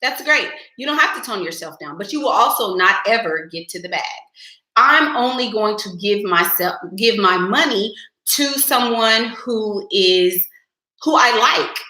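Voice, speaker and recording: Sassy young woman live streaming advice, bright voice, kinda echoey room. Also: medium pitch, lively intonation, unhurried. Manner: blunt, sassy, addresses viewers as y'all. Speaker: livestream host giving advice.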